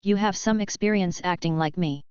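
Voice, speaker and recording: A woman voicing an elderly male headmaster wizard, speaking calmly, politely and in a measured way. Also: fairly low pitch, clear, resonant tone, no room sound, lo-fi sound, lightly acted. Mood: calm, gentle.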